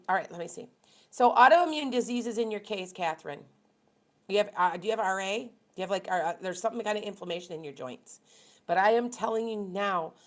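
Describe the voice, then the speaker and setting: A woman from Wisconsin, a tarot reader and medium, chatting casually and rambling through opinions to viewers on a live stream. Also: mid-range voice.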